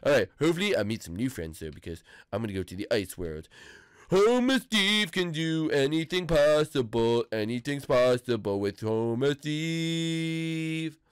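A man narrating and voicing his own character through a playful game role-play, excitable and full of gasps. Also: fairly high pitch, moderate pace, smooth, dry recording, studio quality. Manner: excitable, with gasps and cartoonish reactions. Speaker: gaming video creator.

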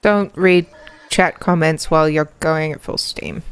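A woman's voice: low voice, steady tone, unhurried, clean tone. A woman streamer giving live commentary on her gameplay, laughing often and calling out to other players and her chat.

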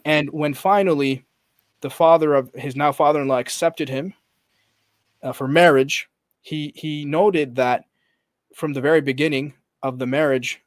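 A man's voice: fairly high pitch, fairly even intonation, unhurried, no room sound. A man on a podcast as guest coach, animatedly retelling a story and quoting the people in it, with many fillers and restarts. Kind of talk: conversational storytelling.

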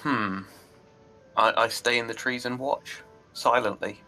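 A man's voice: medium pitch, fairly even intonation, a little slow, sharp tone, faint music behind. A man playing a tabletop game online, speaking tersely. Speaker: player.

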